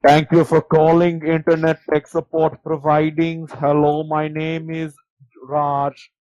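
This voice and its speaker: A man's voice: a little high, monotone, slow pace, a little mellow, no room sound, voice pushed up. A man voicing an overly polite male phone scammer with a put-on Indian accent and stiff, formal phrasing. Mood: mock formal. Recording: dull lo-fi sound.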